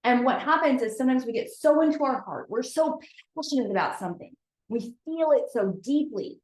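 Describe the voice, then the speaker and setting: On her weekly motivational live broadcast, a woman's high-pitched, slightly mellow voice is expressive and a little fast. She addresses viewers as "you guys" in a candid, chatty way, and the recording echoes roomily.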